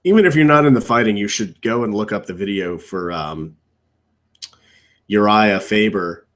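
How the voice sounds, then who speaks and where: A young man co-hosting a podcast from his computer at home, riffing in casual chat with strong opinions and rambling asides that trail off low. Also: normal speed, a bit bright. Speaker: podcast co-host. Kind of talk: casual wrestling riff commentary.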